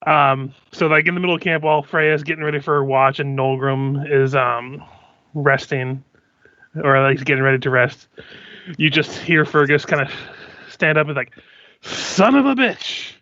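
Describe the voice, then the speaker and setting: A man's voice: medium pitch, little pitch movement, normal speed, bright, forceful tone, no echo. A man playing a tabletop role-playing game, describing his character's actions with many fillers, on dull lo-fi audio. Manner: rambling, filler-heavy describing. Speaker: player.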